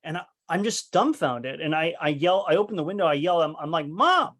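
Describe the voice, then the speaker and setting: A man's voice: a little high, a little fast. A man giving a leadership training talk, telling a personal story earnestly, with many restarts and acted-out quotes. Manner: earnest, full of restarts, acts out quoted voices.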